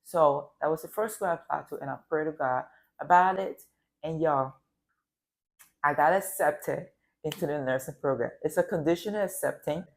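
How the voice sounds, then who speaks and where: A woman from Africa telling a personal story in a casual vlog, emotional and rambling, with talk of faith. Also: low-pitched. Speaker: vlogger.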